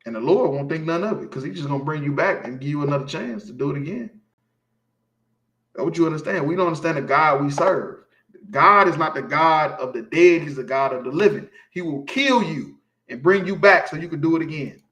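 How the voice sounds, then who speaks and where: A man's voice: a little high, brisk, fairly bright tone. Emphatic preaching man, echoey room. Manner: emphatic, preachy, keeps asking "you feel me". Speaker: street preacher teaching scripture. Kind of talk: informal sermon.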